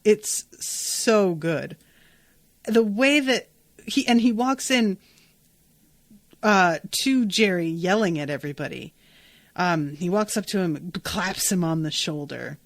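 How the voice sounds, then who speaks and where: A woman's voice: lowish voice, unhurried, no room sound. A woman hosting a podcast and recapping a TV episode in a casual, gushing way, and she swears freely. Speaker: podcast host.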